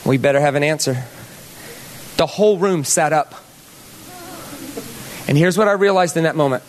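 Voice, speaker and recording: A man's voice: a little high, moderate pace. A male pastor telling a story in a sermon, talking conversationally and putting questions to the audience.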